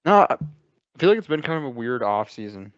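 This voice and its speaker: A man's voice: mid-range voice, big pitch swings, a little fast. A man speaking as a guest on a sports podcast, chatting casually with a laid-back, offhand manner. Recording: dry, dull lo-fi audio.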